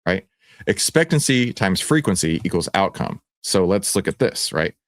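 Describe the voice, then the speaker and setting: A man with a Texan accent hosting a livestream, playful and teasing, often jumping to excited shouts. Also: low-pitched, moderate pace, no room sound, clean studio sound. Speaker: livestream host. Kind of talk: animated livestream presentation.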